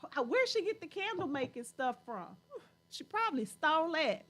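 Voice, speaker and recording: A woman's voice: high voice, big pitch swings, normal speed, a bit bright. A woman hosting a casual livestream chat, playful and teasing, laughing often as she reads viewer comments.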